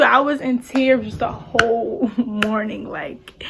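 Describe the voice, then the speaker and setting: A young adult woman telling a story on her vlog in casual chat, animated and slangy, full of "like"s. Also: a little high, slow, vocal fry, background noise. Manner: animated, talks with many "like"s and slang. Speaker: vlogger.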